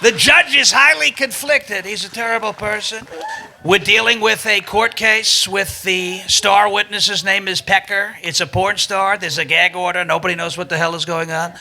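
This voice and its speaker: A man doing an impression of a boastful older politician, bragging in repetitive, drawn-out phrases. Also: sits high, fairly even intonation, pushed and bright, full character voice.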